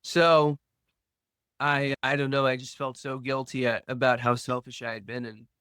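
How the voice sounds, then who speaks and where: A man, a guest on a podcast, slowly and earnestly telling a personal recovery story, acting out remembered dialogue. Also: medium pitch, flat delivery, a bit bright, clear, resonant tone, no echo.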